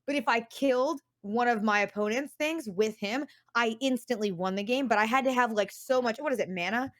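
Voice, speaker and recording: Woman, brash casual chat, fairly high voice, dry close recording. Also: fairly quick, dry recording. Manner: brash, exclamatory. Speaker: streamer in voice chat.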